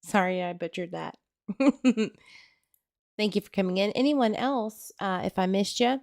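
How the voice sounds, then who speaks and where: A woman's voice: medium pitch, measured pace, vocal fry, darkish tone, no echo, clean studio sound. A woman with a Southern US accent hosting a casual livestream, chatty and jokey as she greets viewers by name. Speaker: livestream host.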